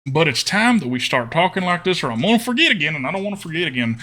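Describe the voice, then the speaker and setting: Male streamer, slightly high, very bright tone, chatty game commentary in a mock drawl. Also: sing-song, fast talker. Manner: chatty, talks to chat viewers; jokingly put-on twangy drawl.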